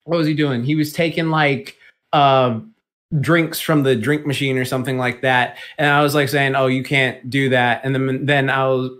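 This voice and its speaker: A man's voice: mid-range voice, fairly even intonation, normal speed, fairly bright tone. A young man co-hosting a podcast, telling work stories in a profane, ranting way. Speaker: podcast co-host. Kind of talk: casual chat.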